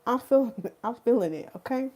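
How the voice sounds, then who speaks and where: A woman's voice: on the high side, animated, a little fast, warm tone. A woman, casually chatting on a livestream, reading viewer comments and laughing often. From North Carolina, USA. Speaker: hair stylist and livestream host.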